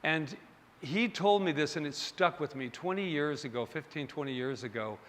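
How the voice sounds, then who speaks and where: A man's voice: fairly high pitch, lively intonation, moderate pace, fairly bright tone. A male minister giving a sermon in a conversational, self-deprecating way, talking straight to his congregation. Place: church sanctuary. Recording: long hall reverb.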